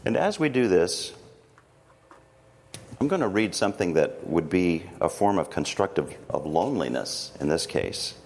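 A middle-aged man, teaching a church class on emotions in a gentle, halting way with many fillers, slowing down softly when he reads prayers. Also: deep voice, very animated. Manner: slow and soft when reading prayers. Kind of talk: teaching talk with guided reflection.

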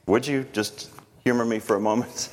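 A middle-aged man, teaching a church class on emotions in a gentle, halting way with many fillers, slowing down softly when he reads prayers. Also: medium pitch, steady tone, a little hiss or hum. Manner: slow and soft when reading prayers. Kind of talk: teaching talk with guided reflection.

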